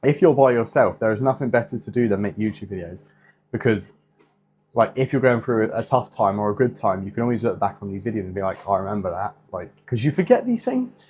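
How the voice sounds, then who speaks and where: A man's voice: fairly low pitch, lively intonation, brisk, darkish tone, slight background noise. A young man in casual vlog chat, rambling with many fillers and swearing, a fitness vlogger.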